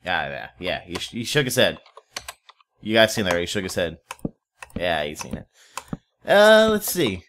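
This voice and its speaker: A man's voice: low voice, animated, moderate pace, long pauses, sharp tone, a little hiss or hum. A young man casually commenting while playing a modded block game, rambling, swearing offhand and chatting to viewers and in-game animals. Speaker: Let's Play host.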